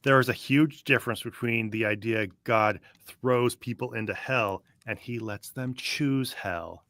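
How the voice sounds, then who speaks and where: A man with a bright, forceful voice hosts a casual podcast, skeptical and dry as he thinks aloud. The sound is close and dry with no room around it. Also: medium pitch, measured pace, no echo. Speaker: podcast host. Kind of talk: casual podcast commentary, reading from a book.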